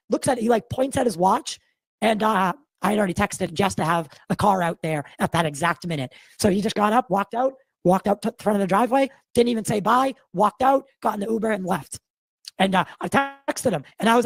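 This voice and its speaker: Husky, animated podcast host man. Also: high voice, dry recording. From Massachusetts. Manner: animated, rambling, swears freely. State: shaken. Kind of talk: casual podcast storytelling.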